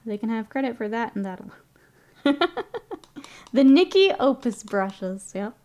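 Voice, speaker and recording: A woman's voice: a little high, animated, unhurried, darkish tone. A young woman streaming her miniature painting, chatting casually, reading chat aloud and laughing often.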